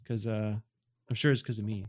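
A man's voice: lowish voice, level tone, a little fast. A man co-hosting a podcast, casually and sheepishly telling stories about his own travel mistakes. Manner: sheepish, self-deprecating storytelling. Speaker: podcast co-host. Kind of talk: casual chat.

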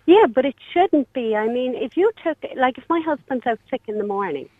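High-voiced Irish woman on a phone line. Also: animated, dry recording. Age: 50s. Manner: indignant, talks in rushed run-on complaints. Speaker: caller. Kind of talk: radio phone-in call.

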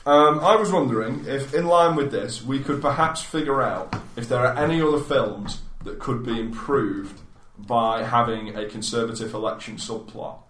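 A man's voice: mid-range voice, moderate pace, few pauses, fairly bright tone. Joking man in an echoey room. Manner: joking, laughs often, drops to mumbles mid-sentence. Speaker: podcast co-host. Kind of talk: casual comedic chat among friends.

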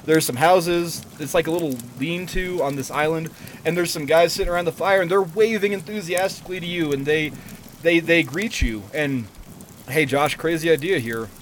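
A man's voice: a little high, moderate pace, a little hiss or hum. A man narrating a tabletop game as game master, playful and swearing.

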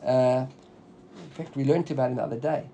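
A man's voice: medium pitch, fairly quick, slight background noise. A man teaching a Talmud class, explaining step by step and checking in with "right?". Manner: animated, explaining with frequent "right?".

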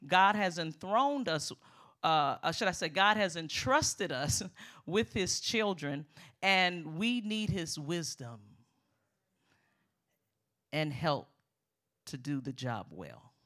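A middle-aged woman preaching a sermon as a guest speaker, lively and emphatic, calling out to the congregation. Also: sits low, takes it slowly, long pauses.

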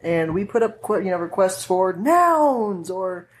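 A woman's voice: mid-range voice, big pitch swings, a little slow. A woman hosting a podcast in a casual, chatty way, explaining things with easy fillers. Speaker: podcast host.

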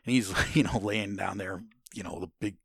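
A lowish, husky, creaky voice with a fairly bright tone belongs to an American military veteran telling war stories conversationally at normal speed. He speaks bluntly, swears, and rambles with many restarts and "you know" fillers. The studio recording is clean, with no room sound.

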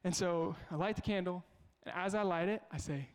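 A man's voice: high-pitched, fairly quick. A male pastor preaching a sermon, telling family stories in a conversational way and asking the congregation rhetorical questions. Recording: long hall reverb.

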